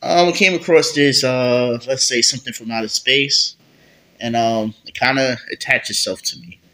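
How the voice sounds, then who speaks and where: A man's voice: medium pitch, normal speed, bright, forceful tone, lightly acted, low-quality recording. A man doing a cocky young hero, offhand. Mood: boastful. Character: confident young male hero with alien powers.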